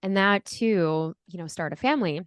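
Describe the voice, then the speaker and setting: A woman's voice: lowish voice, expressive, normal speed, clear, resonant tone, dry recording, clean studio sound. A middle-aged woman telling her personal story as an interview guest, earnest and reflective, with frequent fillers.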